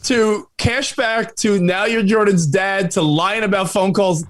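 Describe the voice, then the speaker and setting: A man's voice: high voice, steady tone, unhurried, a bit bright. A man co-hosting a radio show, teasing and cutting in with quips during casual chat.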